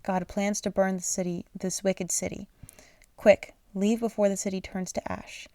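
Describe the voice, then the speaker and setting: A woman's voice: medium pitch, little pitch movement, normal speed, dark tone, no echo, natural voice. A woman reading the lines of two urgent warning angels from a children's bible at bedtime.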